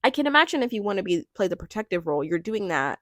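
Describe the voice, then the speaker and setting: A young woman chatting casually in a review vlog, gushing and talkative, with many likes and quick laughs. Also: medium pitch, big pitch swings, no room sound, clean studio sound. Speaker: reality TV reviewer.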